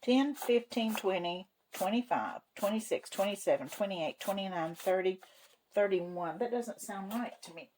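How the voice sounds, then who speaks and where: This savings vlogger speaks at a moderate pace in a mid-range, darkish voice with lively intonation. She narrates casual cash stuffing in a homey, folksy way, counting bills aloud to herself, over a rough recording with a little hiss or hum.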